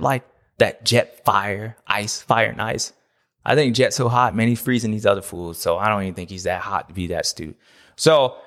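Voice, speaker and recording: Male host for a racing recap, mid-pitched, animated, playfully grumpy. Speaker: motocross show host. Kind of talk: casual ranting commentary.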